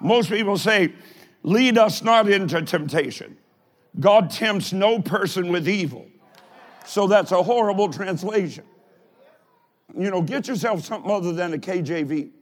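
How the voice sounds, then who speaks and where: A pastor preaching a live sermon in a folksy, plain-spoken way, with emphatic bursts of shouting. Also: male voice, sits high, moderate pace. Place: large church or college auditorium.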